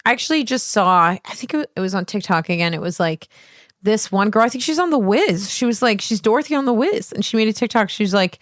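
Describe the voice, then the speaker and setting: A woman's voice: medium pitch, lively intonation, fairly quick, no room sound, clean studio sound. A woman hosting a podcast, chatting casually with a co-host in a bubbly, teasing manner and swearing freely. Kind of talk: casual chat.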